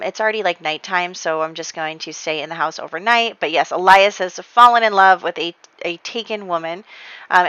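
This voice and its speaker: Bright chatty woman narrating gameplay. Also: lowish voice, smooth, no echo, muffled recording. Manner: chatty, laughs often, many fillers. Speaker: game let's player. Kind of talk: casual gameplay commentary.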